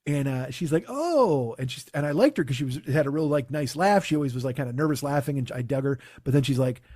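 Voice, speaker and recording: A man's voice: medium pitch, lively intonation, quick pace, a little mellow, no echo, clean studio sound. A man in his forties, a comedian hosting his own podcast, telling stories in a profane, exasperated rant. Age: 40s.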